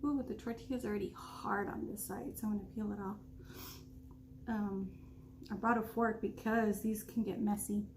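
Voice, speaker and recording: A woman's voice: mid-range voice, steady tone, moderate pace, a little mellow, a little hiss or hum. A woman in her thirties telling a story while eating, talking casually with food in her mouth. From United States. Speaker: vlogger.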